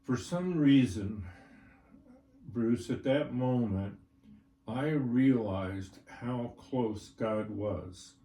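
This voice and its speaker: Speaking extremely slowly in a mellow, medium-pitched voice, this older horse trainer shares a story from his own life in an interview. His folksy manner keeps him checking in with "right?" and "all right?" as he goes. He's picked up from a distance in a roomy space with faint background ambience.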